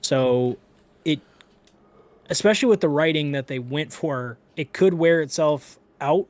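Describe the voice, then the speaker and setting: A man co-hosting a casual gaming podcast, talking in an animated, profane, ranting way. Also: a little high, measured pace, dry recording. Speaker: podcast co-host.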